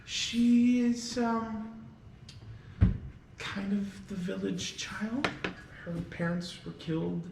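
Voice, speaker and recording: A man doing a flustered high-voiced innkeeper woman. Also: slow, creaky, pauses often, very noisy, full character voice. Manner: high, fluttery and apologetic. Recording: roomy, distant mic, music behind.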